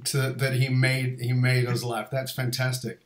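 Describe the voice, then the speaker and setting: A man's voice: mid-range voice, monotone, unhurried, echoey room, a loud crowd. A man hosting a podcast interview, telling a rambling story full of fillers and restarts. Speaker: podcast host. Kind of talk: casual interview chat.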